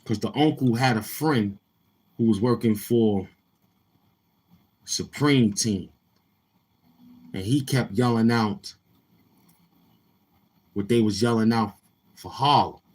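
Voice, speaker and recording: This livestream host's voice sits on the low side, slow, a little mellow and slightly rough, with long pauses. A Brooklyn, New York native, he spins loose, repetitive street-talk stories, acting out what other people said.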